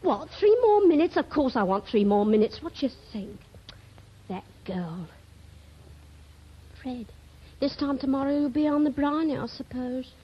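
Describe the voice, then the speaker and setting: A woman's voice: sits high, expressive, measured pace, long pauses, breathy edge, exaggerated voice. A clingy girl on the phone. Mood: fond. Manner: breathless one-sided phone chatter, fretful and pleading. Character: young woman phoning her sailor sweetheart, clingy and jealous. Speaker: comedy actress. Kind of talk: 1930s radio comedy monologue. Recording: dull old radio archive recording.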